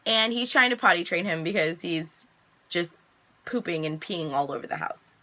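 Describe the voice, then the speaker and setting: A chatty young woman recapping a TV episode in a relaxed, casual way. Her voice is bright and forward, and it leaps up in pitch whenever she acts out the characters' lines. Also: normal speed. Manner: chatty, animated quoting with big pitch jumps. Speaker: reaction vlogger recapping an episode.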